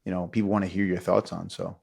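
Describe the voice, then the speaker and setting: Lively, low-voiced man telling stories. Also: fast talker, vocal fry, husky. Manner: animated storyteller, acts out quotes, laughs often. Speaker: podcast host. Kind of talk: casual storytelling chat.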